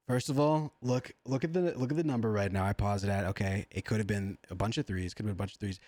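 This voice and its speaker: A man giving excitable, slangy, profane livestream reaction commentary. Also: lowish voice, quick pace, few pauses, no room sound. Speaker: streamer.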